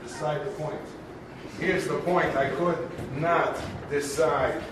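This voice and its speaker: A grandiose, aging Broadway producer, played by a man in live improv, pitched a bit high and full of showman patter. He sounds distant in a very echoey theater, with clear noise underneath. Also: slow. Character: aging bombastic male Broadway producer, showy and forgetful. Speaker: show's emcee character. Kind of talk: live improvised stage comedy. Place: theater stage. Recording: echoey theater recorded from far off, noisy.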